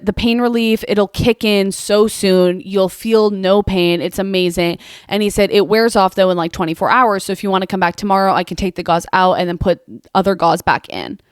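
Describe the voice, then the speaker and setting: A woman's voice: medium pitch, clear, resonant tone, dry recording, clean studio sound. A young woman hosting a podcast, telling a casual story in a chatty, self-mocking way, filling her talk with lots of "like". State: sore mouth after dental surgery. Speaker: podcast host.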